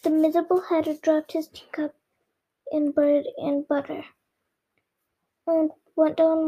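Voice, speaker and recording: Child reader, high mellow voice, slow careful storybook reading with slips. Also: flat delivery, gravelly, a little hiss or hum, poor audio.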